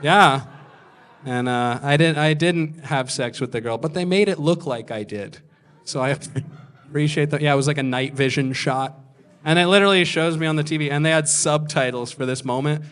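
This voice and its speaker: A young man telling self-deprecating stand-up stories on a comedy club stage, acting out other people's lines in quick voices. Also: a little high, fairly bright tone, clear, resonant tone. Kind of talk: stand-up storytelling.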